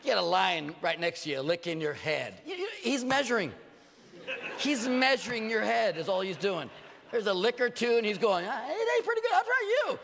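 An older man, a pastor delivering a sermon with animated, joking stories and acted asides. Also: high-pitched, moderate pace, vocal fry, in a large hall, slight background noise.

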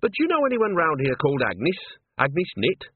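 A man voicing a shrewd, bossy old woman who talks in a brisk, coaxing, no-nonsense way. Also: on the high side, huge pitch swings, slightly rough, dry recording, voice pushed up, full character voice. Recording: tinny phone-like sound.

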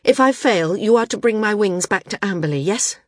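A woman reading the lines of a proud, wounded woman flyer in an audiobook, quiet and measured. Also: mid-range voice, animated, dry recording, studio quality, voice pushed up, close to an everyday voice.

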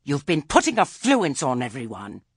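A man putting on a shrill, haughty witch. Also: lively intonation, normal speed, sharp tone, breathy edge, no room sound, clean studio sound, exaggerated voice. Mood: shrieking. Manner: imperious, indignant.

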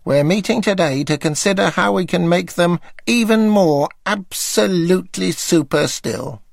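A man's voice: high voice, a little slow, creaky, no room sound, studio quality, voice pushed up. A man putting on the voice of an intense, nasal male TV host who intones his lines with manic earnestness. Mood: gushing.

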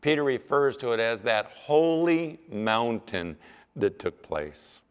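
A male pastor preaching a sermon, animated, sometimes mimicking whiny apologies in a raised voice. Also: mid-range voice, takes it slowly, clean tone, highs cut off. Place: church sanctuary. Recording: long church reverb.

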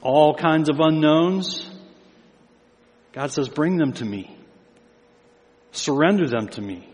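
An older male pastor preaches with a fairly high voice, pushing pitch and volume up on his key lines. His words ring with a long hall reverb from the church sanctuary around him. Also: takes it slowly. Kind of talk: sermon.

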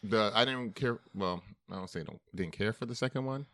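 A man from New England chatting casually on a podcast, laid-back and quick to laugh. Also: on the low side, a bit bright, dry recording. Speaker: podcast co-host. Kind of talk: casual chat.

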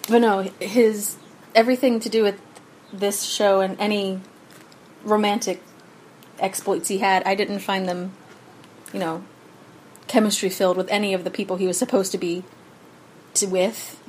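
A woman co-hosting a casual podcast, rambling and halting as she talks about a TV show, laughing often. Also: mid-range voice, little pitch movement, a little mellow, a little hiss or hum, poor audio. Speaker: podcast co-host. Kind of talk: casual chat recap of a TV show.

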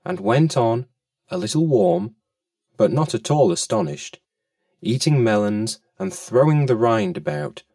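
A man reads a children's storybook aloud, unhurried and fond, with a lively, rolling melody. His voice is gravelly, dry and a little off-mic. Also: medium pitch, dry recording, recorded from a distance. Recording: voice a bit off-mic.

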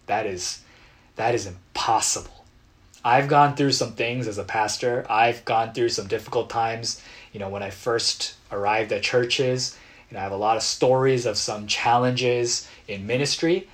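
A man's voice: mid-range voice, unhurried. Earnest male pastor preaching. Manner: earnest, dramatic retellings with sudden loud outbursts. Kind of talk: sermon.

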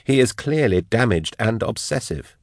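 Guy putting on a brisk woman's voice, a bit higher, dry and withering, audiobook. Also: lively intonation, no room sound, lightly acted. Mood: cool. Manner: withering, matter-of-fact. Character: cold, clever female investigator.

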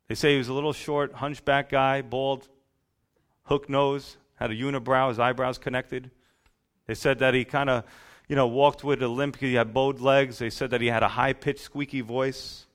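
A man preaching a sermon, retelling scripture in a folksy, storytelling way that swings between loud and soft. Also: mid-range voice. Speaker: pastor.

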